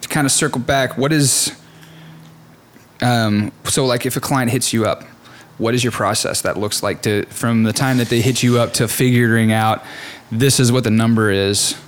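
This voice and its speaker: A man's voice: mid-range voice, fairly even intonation, moderate pace, slight background noise. A man hosting a casual interview, asking friendly questions that restart and circle back. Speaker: podcast host interviewing.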